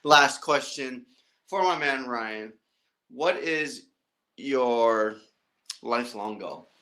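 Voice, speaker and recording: A man's voice: medium pitch, lively intonation, very slow, sharp tone. Upbeat, playful male podcast host. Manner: upbeat, playful, joking asides. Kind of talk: casual interview chat.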